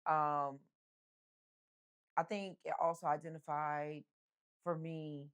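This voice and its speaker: Middle-aged woman guest, candid storyteller, slightly low voice, raw and plainspoken. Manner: candid, acts out the voices of people in her story. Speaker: interview guest. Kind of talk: emotional personal storytelling.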